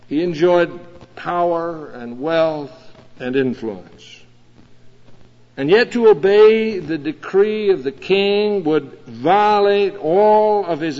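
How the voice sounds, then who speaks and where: Pastor guy preaching slow and earnest, kinda high voice, dull old recording with long church echo. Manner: measured, earnest preaching with dramatic pauses. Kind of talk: sermon. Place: church sanctuary.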